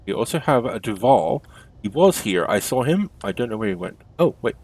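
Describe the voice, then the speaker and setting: A man's voice: mid-range voice, very animated, fairly quick, a little mellow, breathy edge. A man hosting a game stream, chatting casually and correcting himself as he goes. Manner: chatty, self-correcting, laughs easily. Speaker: stream host.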